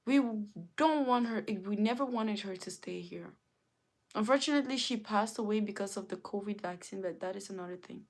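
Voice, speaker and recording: A woman's voice: medium pitch, fairly quick. A woman from Africa talking earnestly and emotionally in a casual livestream monologue, telling stories and preaching her point. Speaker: livestream host.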